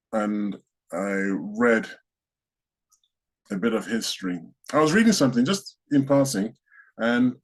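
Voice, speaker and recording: A man from the UK co-hosting a casual podcast, rambling in asides with dry, dark jokes. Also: mid-range voice, rough recording. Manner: dry, rambling, darkly joking. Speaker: co-host.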